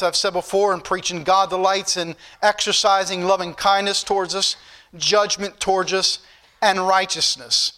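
A man's voice: sits high, pushed and bright. A man preaching a sermon, reading scripture aloud in King James wording and speaking directly to the congregation. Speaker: pastor.

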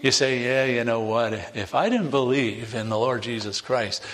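A man preaching a sermon in a folksy, emphatic way, his voice jumping high on key words. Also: normal speed, a bit bright. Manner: folksy, uses many fillers and asides.

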